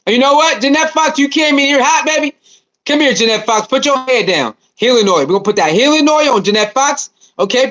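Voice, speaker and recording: High-voiced animated livestream host. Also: male voice. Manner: animated, repetitive, slangy banter with viewers. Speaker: livestream host reading chat. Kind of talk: casual livestream chat.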